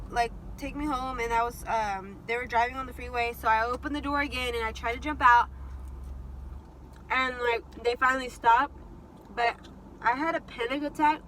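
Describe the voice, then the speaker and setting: A young woman telling a story casually while eating, chatty and animated with lots of fillers. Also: on the high side, slight background noise, rough recording. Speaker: vlogger.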